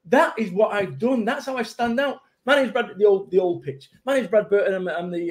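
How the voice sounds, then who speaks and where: Brash high-voiced Mancunian man. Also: a little fast, few pauses. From England. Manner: brash, self-mocking, punchy storytelling. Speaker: motivational speaker. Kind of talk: casual interview chat.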